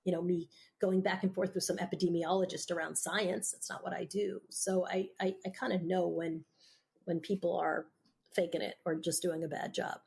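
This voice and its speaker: Low, gravelly-voiced woman journalist. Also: little pitch movement, a little mellow. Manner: candid, opinionated, quick to laugh. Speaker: guest, broadcast journalist. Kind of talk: conversational interview.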